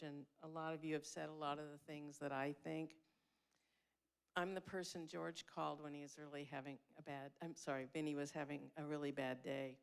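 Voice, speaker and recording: A woman's voice: deep voice, smooth. A woman giving a candid, heartfelt spoken tribute at a memorial; she is blunt and swears freely. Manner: heartfelt and emotional. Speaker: eulogy speaker at a memorial.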